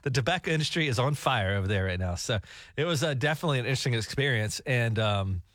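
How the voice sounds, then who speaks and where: A man's voice: medium pitch, expressive, fast talker, fairly bright tone, no room sound, clean studio sound. Chatty man telling a story. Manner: rambling, jokey anecdotes with laughs. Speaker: radio show co-host. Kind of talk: casual storytelling chat.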